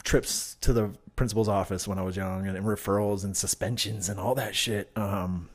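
A man casually telling stories from his youth, loose and profane, slipping into loud high voices when he quotes people. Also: steady tone, normal speed. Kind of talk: casual storytelling.

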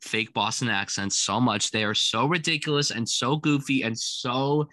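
Male co-host, casual film chat, gushing and upbeat, bright tone, dry close sound. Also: mid-range voice, moderate pace, no room sound. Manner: enthusiastic, gushing, laughs often. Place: home room.

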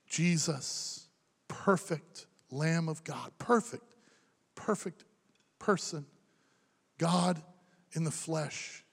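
Impassioned pastor in a reverberant hall. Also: male voice, a little high, steady tone, extremely slow, gravelly, long pauses. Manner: impassioned, swings between loud emphasis and hushed near-whispers. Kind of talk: sermon. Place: church sanctuary. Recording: long reverb of a large hall.

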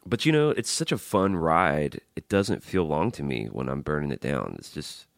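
A deep-voiced man hosts a casual music podcast, his pitch swinging widely as he talks. He sounds enthusiastic and chatty, with self-deprecating asides, recorded close and dry. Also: sing-song, moderate pace, gravelly, no room sound. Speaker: podcast host. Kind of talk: casual radio-style music commentary.

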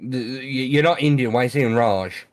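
A man's voice: medium pitch, brisk. A young man with a British accent, chatting casually over online voice chat, mocking his friend and swearing freely.

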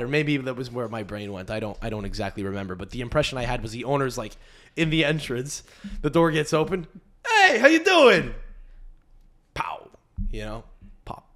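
Brief: comedian podcast host, animated riffing, mid-range voice. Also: male voice, medium pitch. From Canada. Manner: animated riffing with frequent restarts. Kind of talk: casual podcast monologue.

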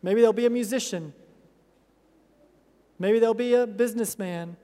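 A man's voice: sits high, measured pace, dark tone. A middle-aged man preaching a sermon as a pastor, earnest and pleading. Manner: earnest, pleading with rising intensity. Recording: long reverb of a large hall.

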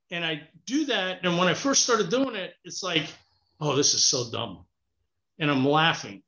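An upbeat man speaking in a somewhat high, bright, forward voice. He gives friendly advice in a loose, encouraging way and keeps saying "you know". The sound is dull and lo-fi. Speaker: interview guest. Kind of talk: casual advice conversation.

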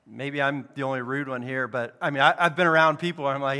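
A man pastor preaching a lively, conversational sermon in a church. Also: mid-range voice, fast talker, few pauses. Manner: conversational, animated preaching with casual asides. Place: church building.

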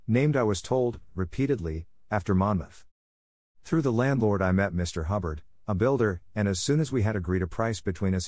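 Male storyteller, low voice, dry close recording, formal and measured. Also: darkish tone, no room sound. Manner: measured, formal first-person telling. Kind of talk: scripted story narration.

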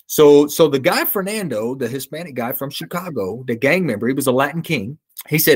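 A man's voice: on the high side, lively intonation, a little fast, slightly rough. A man as an interview guest, telling his faith story in an earnest, fervent way and often repeating words as he builds a point.

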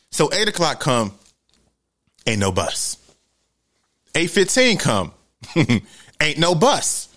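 A man telling a story in a loud, lively, profane style. His pitch swings widely. He often jumps into sudden shouts. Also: unhurried, pauses often. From New York City.

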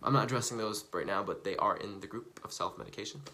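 A young man talking casually on a live stream, animated and profane, rambling and repeating himself, jumping from loud bursts to hushed asides. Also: fairly low pitch, fast talker, slight background noise. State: coughing from recently quitting smoking.

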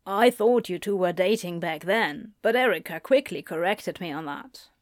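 Woman reading as a halting, earnest doctor. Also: lowish voice, animated, no echo, clean studio sound, natural voice. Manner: halting, apologetic. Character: earnest middle-aged male doctor, hesitant father.

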